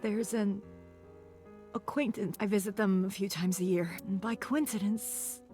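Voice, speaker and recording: A woman's voice: mid-range voice, fairly even intonation, a little slow, dark tone, close to an everyday voice. An actress voicing a grieving female schoolteacher in a video game, talking in a tearful, pleading way. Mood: quiet. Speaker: game character. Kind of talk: game voice acting. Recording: game audio with faint music.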